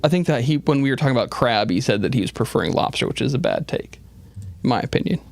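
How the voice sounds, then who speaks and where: A man's voice: mid-range voice, lively intonation, quick pace, vocal fry, no echo. A man hosting a comedic call-in show, rambling through silly stories. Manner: rambling, playful storytelling. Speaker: host. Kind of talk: comedic talk show riffing. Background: music.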